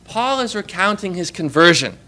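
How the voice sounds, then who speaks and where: A man preaching a conversational sermon, asking his listeners questions and pressing his points with animated emphasis. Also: sits high, moderate pace.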